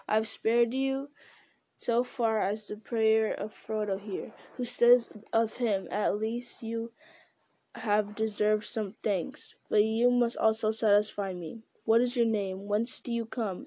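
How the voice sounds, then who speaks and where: A woman voicing a stern, just male captain who speaks in a measured, formal way. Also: fairly high pitch, fairly even intonation, warm tone, dry recording.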